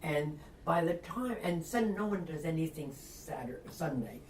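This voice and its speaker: A woman's voice: low voice, animated, normal speed. An older woman from Long Island with a Long Island accent, an author telling a story in an interview, acting out quotes and laughing often. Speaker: author guest. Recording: echoey room, distant mic, faint noise.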